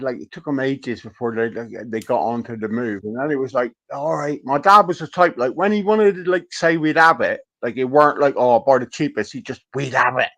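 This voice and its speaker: A man, chatting casually as co-host and telling swear-laden stories, acting out his family's voices. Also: mid-range voice. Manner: profane storyteller, animated quoting of family. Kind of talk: casual chat.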